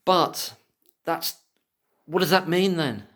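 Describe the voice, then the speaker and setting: Ranting man, swinging loud to quiet. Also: a little high, takes it slowly. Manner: swears freely. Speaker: commentator. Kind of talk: impassioned solo commentary.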